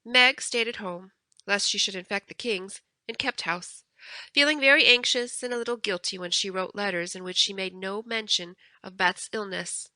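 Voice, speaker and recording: A woman reading a classic novel aloud as an audiobook narrator, steady and clear. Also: mid-range voice, moderate pace, no echo. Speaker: audiobook reader. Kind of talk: scripted narration.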